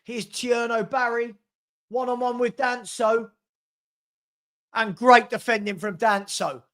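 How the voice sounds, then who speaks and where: Excitable football fan commentating. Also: male voice, extremely high pitch, unhurried. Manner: excitable, partisan, shouting at big moments. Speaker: fan watch-along commentator. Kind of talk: live match watch-along commentary. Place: home room with a dog.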